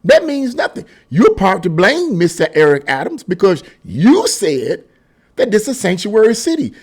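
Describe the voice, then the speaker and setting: A man's voice: high-pitched, wildly swooping pitch, normal speed, husky. A man hosting his own commentary channel, delivering a heated, emphatic political rant with lots of repetition. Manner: mocking singsong asides.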